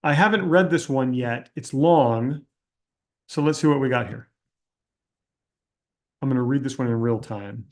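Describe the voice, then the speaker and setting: A man's voice: medium pitch, unhurried, pauses often. A man hosting a casual Q&A, talking bluntly and skeptically, thinking aloud with frequent restarts. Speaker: host answering audience questions. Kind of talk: casual Q&A livestream talk.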